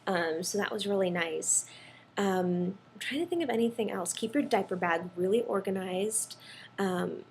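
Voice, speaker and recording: Chatty young mom vlogger. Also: female voice, medium pitch, normal speed, darkish tone, slight background noise. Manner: chatty, storytelling, many ums and likes. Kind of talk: casual chat.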